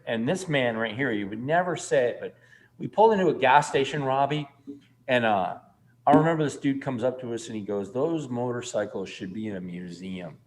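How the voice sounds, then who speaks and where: A man's voice: mid-range voice, brisk. Rambling, emphatic man in his fifties. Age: 50s. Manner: rambling, emphatic, swears freely. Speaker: guest. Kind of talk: casual storytelling chat.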